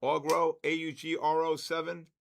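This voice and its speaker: An older man hosting a trading livestream, cheerfully calling out raffle winners in a drawn-out announcer way. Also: fairly high pitch, monotone, vocal fry. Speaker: trading stream host.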